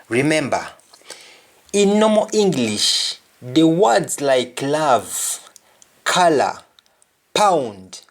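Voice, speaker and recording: Male tutor, slow and deliberate, lively pitch, drilling words in pairs. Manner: deliberate, repeating each word in pairs. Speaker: language teacher. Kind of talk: pronunciation lesson.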